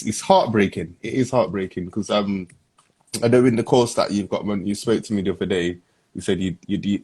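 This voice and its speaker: A man hosts a casual online live interview, with a notably low, deep voice. He speaks in a relaxed way and keeps his guest going with short agreements. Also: breathy edge. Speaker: live stream host. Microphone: online live stream.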